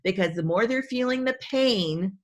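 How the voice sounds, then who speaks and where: A woman's voice: mid-range voice, expressive, normal speed. A woman speaking coach teaching a webinar in an enthusiastic, conversational way, often repeating herself for emphasis.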